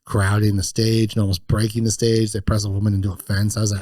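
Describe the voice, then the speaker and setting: A man's voice: on the low side, flat delivery, fast, darkish tone, dry recording, studio quality. A man hosting a podcast in casual chat, talking loosely and laughing often as he recaps scenes. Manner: chatty, laughing often, fond of swearing and quoting scenes. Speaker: podcast host.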